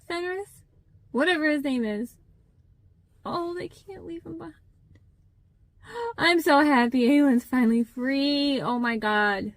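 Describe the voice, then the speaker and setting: Gushing, tearful young woman. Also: high-pitched. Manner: gushing and emotional, many exclamations. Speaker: book vlogger. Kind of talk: casual reading reaction vlog.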